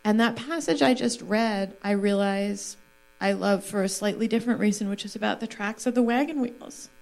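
A woman in her forties talks openly on a stage panel, laughing often and turning reflective. She also reads a literary passage aloud, with a steady middle pitch. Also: moderate pace, gravelly, poor audio. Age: 40s. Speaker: author on a panel. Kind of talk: stage conversation and reading aloud.

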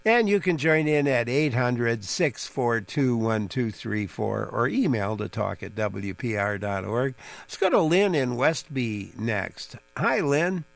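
A man's voice: medium pitch, a little slow, gravelly, few pauses. A man hosting a call-in garden radio show, chatting with a guest and reading out listener questions. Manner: relaxed, reads listener questions.

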